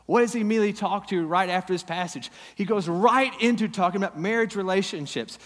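A man in his thirties preaching a sermon in a church hall, swinging from loud emphatic peaks down to quiet, low asides. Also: fast talker. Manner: impassioned, rising to loud emphatic peaks then dropping low. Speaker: pastor. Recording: long hall reverb.

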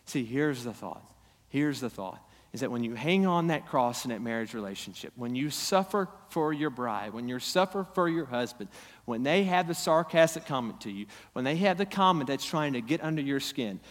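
A man in his thirties preaching a sermon in a church hall, swinging from loud emphatic peaks down to quiet, low asides. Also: animated, moderate pace. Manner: impassioned, rising to loud emphatic peaks then dropping low. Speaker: pastor. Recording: long hall reverb.

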